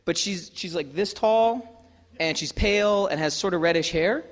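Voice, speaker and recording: A man's voice: high voice, normal speed. A man in his thirties, an author telling funny stories to a live audience in a wry, self-deprecating, chatty way on a stage mic. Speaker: author and guest speaker. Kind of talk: comic storytelling to a live audience. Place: festival venue hall. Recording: long hall reverb.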